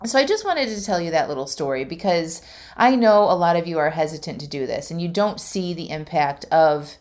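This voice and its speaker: With a fairly low, darkish voice, this life coach talks briskly and animatedly, chatting straight to her audience about something personal. She's warm and sincere, filling her speech with plenty of "like."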